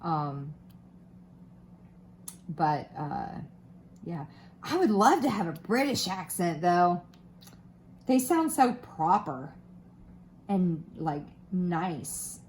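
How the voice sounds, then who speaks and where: A woman's voice: on the low side, very animated, very slow, long pauses, a little mellow, a little hiss or hum. A woman in her thirties or forties with a slight Southern Florida twang, chatting casually while she crafts, rambling and self-deprecating with lots of fillers. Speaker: crafting vlogger.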